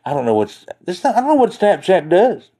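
A man's voice: high voice, huge pitch swings, fairly quick, mellow, slightly rough. A man hosting a livestream from home, chatting in a folksy, joking way and losing his train of thought. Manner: folksy, joking, easily sidetracked. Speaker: livestream host. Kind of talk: rambling live-stream chat.

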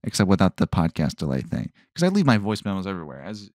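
A man's voice: low voice, huge pitch swings, quick pace, darkish tone, no echo. A man hosting a solo podcast, rambling and stopping himself mid-thought, in a dry tone that sounds sarcastic. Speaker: podcast host.

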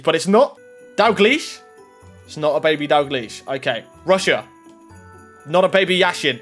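A young man giving casual pack-opening commentary, swinging from muttering to excited shouting. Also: fairly high pitch, moderate pace, long pauses, faint music behind. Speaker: gaming YouTuber. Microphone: desk microphone.

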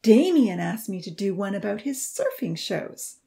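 An eager, timid young woman from a storybook , voiced by a woman reader. She sounds keen and gets hushed when she is afraid. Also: medium pitch, unhurried, creaky. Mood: excited. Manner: excited, then hushed and fearful.

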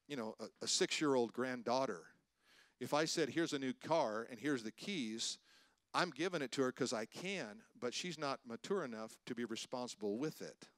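An older man preaching a sermon as pastor, animated, with loud rises for emphasis and calls out to the congregation. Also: medium pitch, dry recording. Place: church stage.

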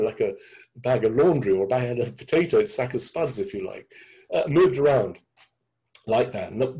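An English man in his sixties telling his story thoughtfully over a video call, halting with many restarts. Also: medium pitch, mellow, low-quality recording. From England. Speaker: guest speaker. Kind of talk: reflective storytelling talk. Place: indoor room with a door behind.

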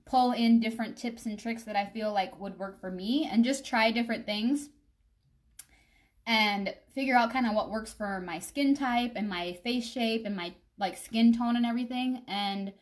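A woman's voice: a little high, moderate pace. A young woman chatting casually on a live makeup stream, rambling and addressing her viewers directly. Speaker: makeup vlogger.

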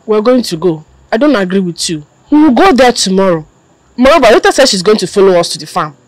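An actress with a Nigerian accent playing an insistent, earnest young daughter. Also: female voice, mid-range voice, big pitch swings, quick pace, dry recording, natural voice, rough recording. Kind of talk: Nollywood drama acting.

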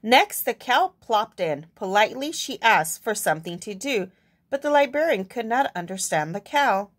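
A woman's voice: a little high, sing-song, normal speed. A young woman reading a picture book aloud expressively, adding asides to her listeners. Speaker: storyteller.

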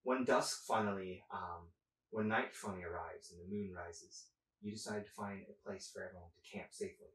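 A man narrating as game master, halting with many fillers. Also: low voice, fairly even intonation, fairly bright tone. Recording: echoey room, distant mic.

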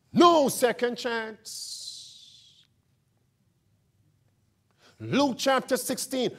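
A man preaching from the pulpit in a high voice, drawing out his words at an unhurried pace. He pauses often to quiz the congregation and then rises to emphatic, shouted declarations. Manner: preaching with call-and-response questions to the congregation. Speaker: pastor. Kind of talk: sermon.

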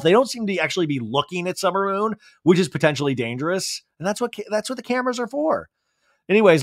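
A man's voice: fairly high pitch, no room sound, clean studio sound. A young adult man hosting a podcast, recapping TV with chatty, sarcastic asides. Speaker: podcast host. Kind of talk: comedic TV recap.

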